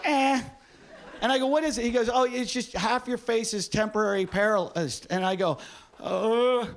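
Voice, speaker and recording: A man performing a stand-up comedy set on a club stage, telling an animated story and acting out what people said. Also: high voice, moderate pace. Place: comedy club stage before a laughing audience. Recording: live club recording with audience noise.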